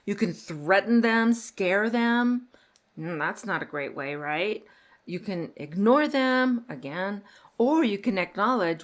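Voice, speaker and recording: A woman's voice: mid-range voice, expressive, slow pace. A woman in her sixties hosting a podcast interview, talking casually, often agreeing and laughing along. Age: 60s. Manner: frequent affirming backchannels, warm laughter. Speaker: podcast host.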